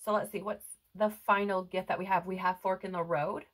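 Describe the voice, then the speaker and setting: A woman's voice: medium pitch, steady tone, fairly quick, poor audio. A woman giving a spiritual tarot reading to her viewers, earnest and reassuring, often checking in with "right?". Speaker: tarot reader. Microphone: headphones on, close mic.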